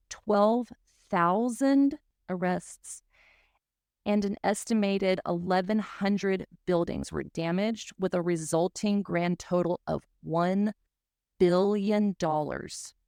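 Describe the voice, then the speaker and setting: A woman's voice: medium pitch, gravelly, a little mellow, clear, resonant tone, no echo, studio quality. A woman from South Mississippi, hosting a podcast in an earnest, emotional, enthusiastic way. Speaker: podcast host. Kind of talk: casual podcast chat.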